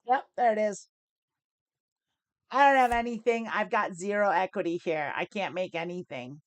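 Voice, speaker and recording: Talking at a normal speed in a mid-range voice, an American woman live-streams online poker, casually commenting on her play and explaining her moves. She's chatty and self-deprecating, laughing often and swearing mildly, and the recording is dry.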